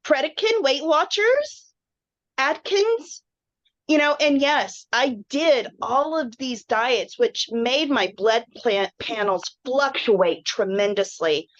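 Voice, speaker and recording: Woman guest, candid testimonial, slow and rambling, a little high, dry muffled call audio. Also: dry recording. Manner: earnest, emotional, rambling with frequent "like". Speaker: webinar guest sharing a health story.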